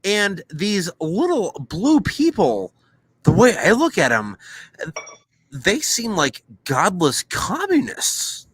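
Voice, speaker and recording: A man co-hosting a casual podcast over a video call, spinning a rambling deadpan satire with lots of restarts. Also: high voice, slow, breathy edge, no echo. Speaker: podcast co-host. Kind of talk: casual chat.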